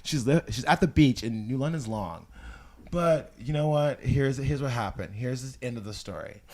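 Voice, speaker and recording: Animated campy young man telling a story. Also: mid-range voice, moderate pace. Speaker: talk show host. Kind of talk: casual storytelling chat.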